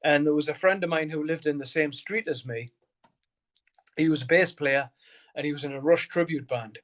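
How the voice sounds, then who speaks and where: A middle-aged man with a broad Geordie accent talks in a fairly high voice. He rambles, restarts his sentences and swears freely, laughing through his stories as a guest musician. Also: moderate pace, fairly bright tone. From Newcastle, England. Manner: rambling storyteller, heavy swearing, frequent laughter, many restarts. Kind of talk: casual interview chat.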